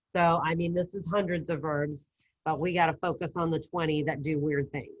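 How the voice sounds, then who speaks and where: A woman teaching an online language class, giving brisk, upbeat coaching over a video call. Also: deep voice, steady tone, lo-fi sound. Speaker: Spanish teacher.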